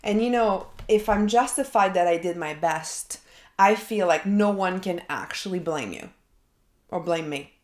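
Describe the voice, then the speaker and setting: A woman's voice: lowish voice, lively intonation, a little slow, roomy sound. A woman coach talking herself through an unscripted coaching session, reflective and thinking aloud. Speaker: life coach. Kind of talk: unscripted self-coaching monologue.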